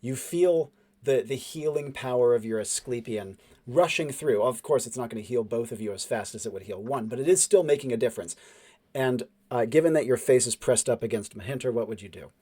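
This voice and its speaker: A man running a tabletop role-playing game as game master, describing scenes with fillers and hushed dramatic drops. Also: mid-range voice, brisk.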